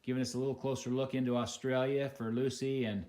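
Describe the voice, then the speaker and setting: Halting American man hosting home video. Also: medium pitch, level tone, mellow, slight background noise. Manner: halting, many fillers and restarts. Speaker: interviewer. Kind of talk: casual home video interview. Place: living room of a home.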